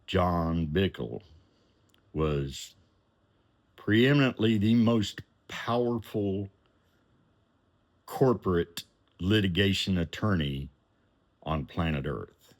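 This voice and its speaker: A man telling a personal story in an animated way, acting out the voices of the people in it and chuckling now and then. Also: sits low, takes it slowly, long pauses.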